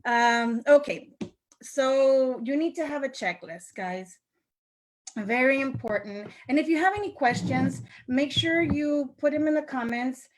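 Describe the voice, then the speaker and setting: A woman's voice: high-pitched, a little slow, a little hiss or hum. An older woman, a sales representative, telling a casual story to viewers on a live video, laughing often and acting out what her friends said. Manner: chatty, laughs often, acts out quoted friends.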